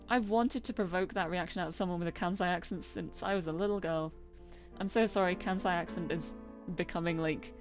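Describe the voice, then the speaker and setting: A woman's voice: lowish voice, steady tone, normal speed, over music. A woman streamer reading a visual novel aloud, playful and self-mocking.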